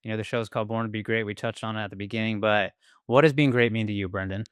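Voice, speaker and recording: A man's voice: on the low side, fairly even intonation, fast talker, clean tone, dry recording, studio quality. A man hosting a podcast, talking in a laid-back, casual way and leaning on "like" as a filler. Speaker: podcast host. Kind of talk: casual interview chat.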